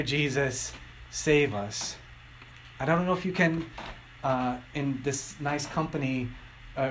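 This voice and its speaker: Middle-aged male preacher, unhurried, animated storyteller, faint room noise. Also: medium pitch, poor audio. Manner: animated storytelling, acting out quotes. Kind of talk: sermon.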